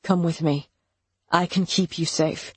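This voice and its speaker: A woman's voice: lowish voice, fairly even intonation, measured pace, a little mellow, slightly rough, no room sound. A woman voicing a worried young man who protectively urges his girlfriend to come with him, in an audiobook. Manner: urgent, pleading.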